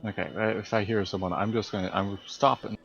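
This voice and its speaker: A man playing a tabletop game, halting and thinking aloud as he decides. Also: lowish voice, fairly even intonation, gravelly, a bit bright, lo-fi sound, faint music behind. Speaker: player.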